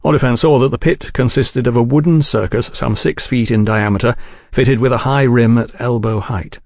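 A man reading a novel aloud in a measured, even audiobook narration. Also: mid-range voice, vocal fry, dry recording, clean studio sound.

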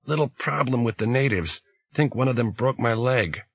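A man's voice: mid-range voice, expressive, normal speed, slightly rough, no echo, phone-quality sound, voice pushed up. A man voicing a tough, wounded female mercenary who talks in clipped, terse bursts. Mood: strained, terse.

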